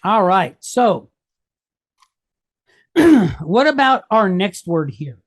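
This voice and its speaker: A woman's voice: mid-range voice, big pitch swings, drawn-out words. A woman teaching a Hebrew reading lesson, patiently explaining each mark and checking in with "okay?" and "right?". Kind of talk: walking through a worksheet lesson.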